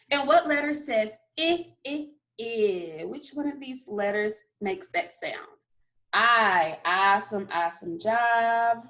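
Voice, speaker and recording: A woman's voice: mid-range voice, fairly bright tone. A woman teaching a recorded phonics lesson to kindergarteners, sounding out letters and praising often. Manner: slow, encouraging, sounds out letters.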